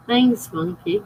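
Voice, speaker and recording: Woman streamer with a South Jersey accent, laid-back chat, slow and a bit gravelly, faint noise behind. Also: high voice, lo-fi sound. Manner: slow, gravelly delivery with frequent laughs. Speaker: writer streaming live writing sprints. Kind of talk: casual livestream chat, reading out viewer comments.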